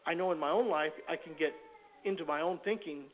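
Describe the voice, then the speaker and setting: Male preacher with a slightly high voice, halting earnest reading; tinny, phone-band recording. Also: a little hiss or hum. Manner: halting, earnest reading with frequent self-corrections. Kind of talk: sermon, reading aloud from a book then preaching.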